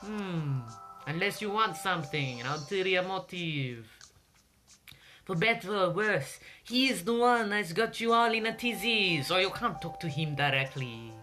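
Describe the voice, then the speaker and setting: A woman voicing a suave, teasing male French detective with a put-on French accent, drawling theatrically over loud game music. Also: on the low side, expressive, measured pace, pitched above the performer's own voice. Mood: knowing.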